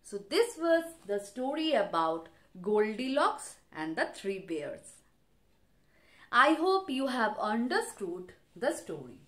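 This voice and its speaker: Very slow, lively woman teacher. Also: fairly high pitch. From India. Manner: slow, asks the class questions, repeats for emphasis. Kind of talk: storytelling lesson for young children.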